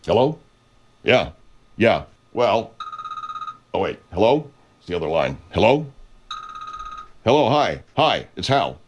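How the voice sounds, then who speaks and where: A man in an improvised comedy sketch who rambles and loses his train of thought. He mumbles asides and stops to deal with other things. His pitch moves about a good deal, with faint noise behind. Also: very animated, takes it slowly, pauses often. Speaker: studio operator and uncle character.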